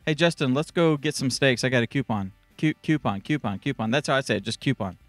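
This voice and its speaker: A man's voice: medium pitch, lively intonation, fast, a bit bright, dry recording, soft background music. Playful male live stream host. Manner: playful, jokey, multitasking. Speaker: show host. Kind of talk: casual live stream chat.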